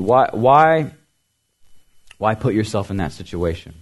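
A man preaching a sermon as pastor, earnest, repeating words for emphasis, lifting his voice on key phrases and letting it sink soft and low at the ends. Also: animated, normal speed.

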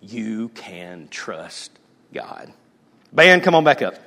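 A man preaching a sermon as pastor, moving between loud calls and hushed, almost whispered lines. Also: lowish voice, big pitch swings, takes it slowly, long reverb tail, a little hiss or hum.

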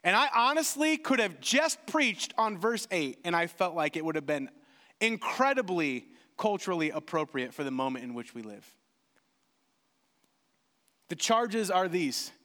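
A man preaches with a high, animated voice that leaps up and down as he acts out little exchanges. His delivery is lively and expressive. The sound carries the long reverb of a large hall. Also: unhurried. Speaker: pastor. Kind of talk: sermon.

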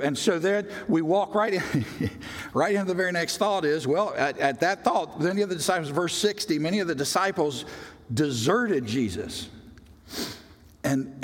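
A man preaching a sermon as a pastor, emphatic, swinging from loud bursts to quiet, drawn-out words. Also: fairly high pitch. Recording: long reverb of a large hall.

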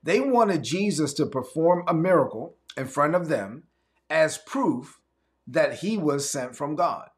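A man's voice: on the high side, lively intonation, a little slow. A man preaching a sermon as pastor, conversational and emphatic with dramatic swings.

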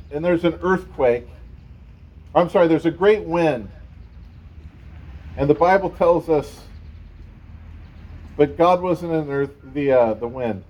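A man's voice: on the high side, a little mellow, rough recording. A man preaching a sermon in a conversational way, with casual asides to the congregation. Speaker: pastor.

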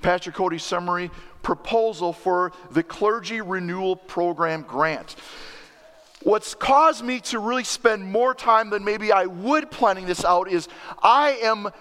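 A man preaching a sermon as pastor, earnest and excitable, with rising emphasis. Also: sits high. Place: church sanctuary. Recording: long church reverb.

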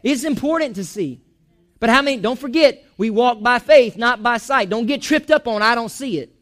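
Pastor guy preaching in church, really high voice, jokey, all over the place. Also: normal speed. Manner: animated, preaching with jokes and asides. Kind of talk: sermon.

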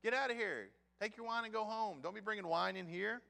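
A man's voice: sits high, brisk, gravelly, pushed and bright, exaggerated voice. A man voicing an indignant priest who scolds a woman he thinks is drunk, in a brash, casual way. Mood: scolding.

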